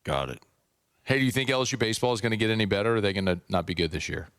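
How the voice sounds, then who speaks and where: A man's voice: lowish voice, lively intonation, very fast, fairly bright tone, no echo. A man hosting a sports radio show, teasing and quizzing his mother in casual chat, with dry humor.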